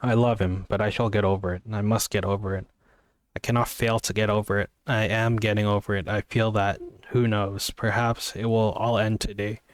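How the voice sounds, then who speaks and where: A man voicing an emotional young woman in love, reading in an earnest, halting way from a novel. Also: fairly low pitch, little pitch movement, no room sound, studio quality, lightly acted. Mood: pleading. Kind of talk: amateur book reading.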